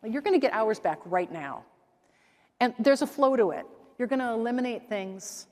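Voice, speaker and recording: A woman's voice: fairly high pitch, moderate pace. A middle-aged woman from the American Midwest giving a keynote talk on stage, telling stories with energy and acting out the voices of the people in them. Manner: lively storytelling, acts out quoted voices. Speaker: keynote speaker. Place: conference hall stage. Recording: large hall with long reverb.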